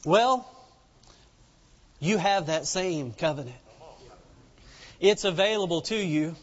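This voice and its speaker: A man's voice: high voice, expressive, slow pace. A man preaching a sermon, retelling scripture in plain folksy speech and rising to fervent emphasis. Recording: muffled sound with long hall reverb.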